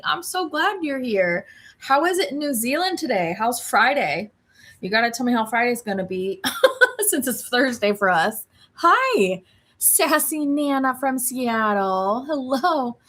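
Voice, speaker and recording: A woman's voice: high-pitched, a bit bright. A woman in her thirties hosting a casual livestream, bubbly and chatty, greeting viewers and reacting to their comments. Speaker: host of a livestream. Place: home room with a screen.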